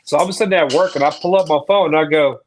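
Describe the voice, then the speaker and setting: A man's voice: on the high side, quick pace. A man co-hosting a podcast, chatting casually in a laid-back, teasing way. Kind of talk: casual chat.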